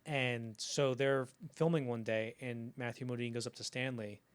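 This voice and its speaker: A man co-hosting a film history podcast, telling behind-the-scenes anecdotes in a casual, animated way and acting out the quotes. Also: mid-range voice, normal speed, smooth. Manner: animated storytelling, acts out quoted lines. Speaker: podcast co-host.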